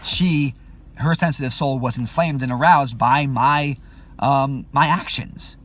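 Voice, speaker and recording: At a measured pace and with a fairly bright tone, a male video host rambles casually, restarting sentences and using plenty of fillers. When he quotes people, he acts them out with sudden squeaky outbursts.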